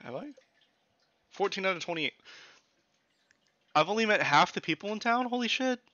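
Young male streamer, excitable, lively bright voice, lo-fi mic. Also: high-pitched, moderate pace, dry recording. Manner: excitable, swears casually. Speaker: gaming streamer. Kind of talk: casual let's-play commentary. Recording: lo-fi old mic.

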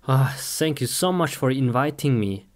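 A woman's voice: extremely low pitch, a little mellow. A woman performing a comedic skit, talking in simple broken phrases and giggling often. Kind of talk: comedic live-action skit.

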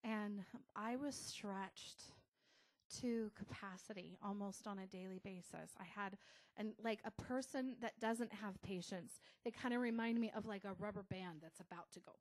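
A middle-aged American woman pastor giving a casual, conversational sermon with soft asides. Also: mid-range voice, moderate pace.

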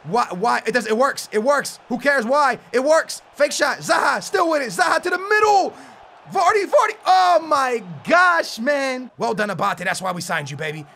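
A young man commentating his own football video game, muttering plans quietly, then shouting in outbursts. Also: very high-pitched, expressive, normal speed, creaky, hardly any pauses. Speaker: gaming YouTuber. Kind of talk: excited gameplay commentary.

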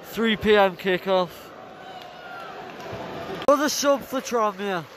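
A man narrating his matchday vlog from a stadium stand, excitable and shouting, his voice hoarse from all the shouting. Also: sits high, slow. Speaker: football fan vlogger. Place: outdoors in a packed stadium stand. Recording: loud crowd noise over the voice. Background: loud chanting football crowd.

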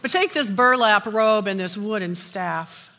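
A woman's voice: medium pitch, lively intonation, a little slow, sharp tone, a little hiss or hum. A woman voicing Saint Peter as an older man at heaven's gate, delivering a joke in a dry, matter-of-fact way. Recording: long church hall reverb.

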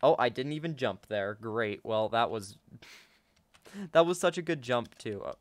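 Excitable young man narrating his gameplay. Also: mid-range voice, measured pace, no room sound. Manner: excitable, talks to viewers, gasps and laughs often. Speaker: gaming YouTuber. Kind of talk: casual gameplay commentary.

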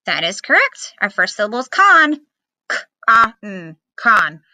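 A woman teacher giving a remote phonics lesson to young children, slowly sounding out letters and syllables in a patient, encouraging way. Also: medium pitch, big pitch swings, pushed and bright, no room sound.

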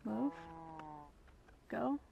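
Slow, gravelly woman gaming. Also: a little high, fairly even intonation, narrow, tinny audio, background noise. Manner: mutters and whispers to herself, scolds animals in loud bursts. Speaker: gamer. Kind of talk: gameplay commentary.

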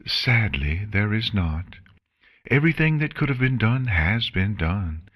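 A man reading an audiobook and voicing a gentle, regal female pony princess who speaks softly, kindly and formally. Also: lowish voice, very animated, measured pace, pitched above the performer's own voice, full character voice. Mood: reassuring. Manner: soft, kindly, formal speech without contractions. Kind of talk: audiobook reading of fan fiction.

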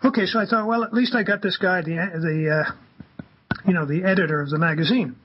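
A man, a radio guest, telling anecdotes in an animated way and acting out the quoted dialogue. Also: sits high, brisk, slightly rough, dull audio. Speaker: guest, campaigner. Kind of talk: anecdotal storytelling on a radio talk show.

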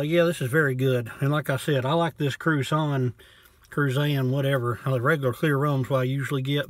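A man casually reviewing a bottle of rum from inside his parked truck, talking in a folksy, low-key way and cussing now and then. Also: no echo. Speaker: vlogger reviewing liquor.

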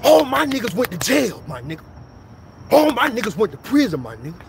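A man giving a preachy motivational talk in street slang, repeating phrases in a steady preaching cadence. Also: extremely high pitch, brisk, background noise. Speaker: motivational speaker. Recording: clear music bed under voice.

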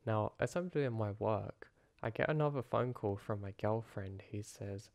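Guy reading out a creepy true story, kinda low voice, dead dry sound, earnest and steady. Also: moderate pace, creaky, no echo. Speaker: horror story narrator. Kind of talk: first-person horror story narration.

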